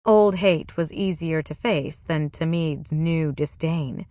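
A woman narrating a first-person novel in a measured, wry way. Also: sits low, warm tone, no echo. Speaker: audiobook narrator.

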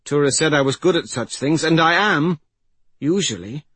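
Man voicing a frantic young woman, high and anxious. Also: lively intonation, a bit bright, breathy edge, no echo. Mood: distressed. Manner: anxious, pleading, rushed. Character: frightened young woman with magic skill.

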